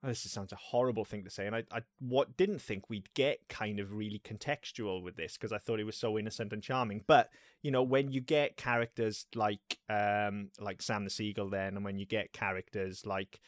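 A man's voice: on the low side, fairly even intonation, moderate pace, hardly any pauses, no echo, clean studio sound. A man co-hosting a podcast, talking in a casual, enthusiastic way and swearing now and then. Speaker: podcast co-host. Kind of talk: casual chat.

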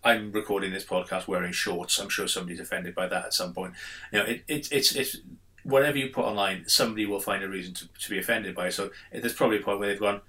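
Guy on a podcast, real low voice but bright and sharp, swears a lot, rambles. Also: steady tone, fast talker. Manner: blunt and sweary, rambling with fillers. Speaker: podcast co-host. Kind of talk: casual chat.

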